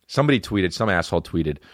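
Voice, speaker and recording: A man's voice: low-pitched, expressive, fairly quick, dry recording, clean studio sound. A man hosting a comedy podcast, ranting casually in a profane, rambling way and slipping into made-up dialogue. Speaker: podcast host.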